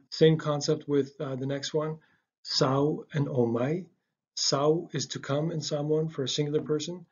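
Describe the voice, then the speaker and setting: A man giving a casual language lesson, relaxed, with frequent ums and uhs, repeating words slowly for learners. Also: a little high, breathy edge, lo-fi sound. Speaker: language teacher.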